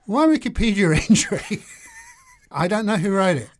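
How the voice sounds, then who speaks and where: A slightly higher-voiced man, telling stories as a podcast guest. His manner is wry and self-mocking, and he breaks easily into laughter. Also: very animated, moderate pace. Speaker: guest author. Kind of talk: casual interview chat.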